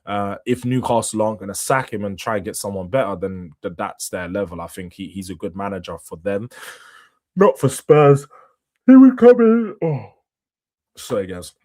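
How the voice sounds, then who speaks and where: A young man, hosting a casual late-night football live stream, slangy and animated, laughing as he reads viewer comments. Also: deep voice, a little fast. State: tired, yawning late at night. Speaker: host.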